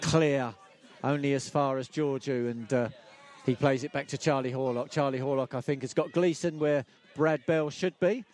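A man's voice: mid-range voice, fairly even intonation, moderate pace, a little mellow. A man giving live, chatty club football commentary from the ground.

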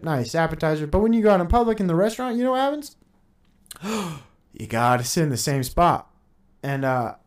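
A man in his thirties hosting a podcast, ranting in a heated, profane and sarcastic monologue, laughing between points. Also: sits high. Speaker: podcast host.

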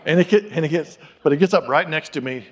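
A man delivering a sermon in a lively storytelling style, acting out the people he quotes. His voice sits a bit high for a man. The sound carries a long reverb from a large hall. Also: quick pace, breathy edge. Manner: animated, acts out quoted voices. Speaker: pastor.

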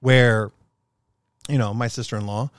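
Animated, profane male storyteller. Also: mid-range voice, measured pace, clean tone, no room sound, studio quality. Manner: animated, profane storyteller who gets loud and laughs. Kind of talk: casual chat.

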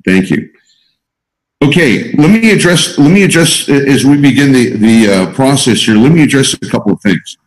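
A man's voice: medium pitch, animated, moderate pace. A man coaching a small group of students, teaching in an emphatic way and repeating his key points. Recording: roomy echo.

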